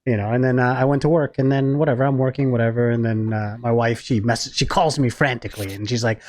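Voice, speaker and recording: A man co-hosting a podcast, telling a crude family anecdote in relaxed, profane casual chat. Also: medium pitch, quick pace, hardly any pauses. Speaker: podcast co-host.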